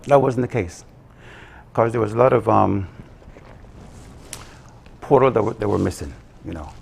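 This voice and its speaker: A man, a production company co-owner interviewed on a live morning show, talking haltingly with many ums and restarts. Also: lowish voice, gravelly, slight background noise. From Belize.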